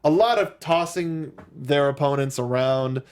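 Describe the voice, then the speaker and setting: A man's voice: fairly high pitch, a little slow, clean tone. A man hosting a wrestling recap show, rambling playfully in casual chat and often quoting himself. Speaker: host.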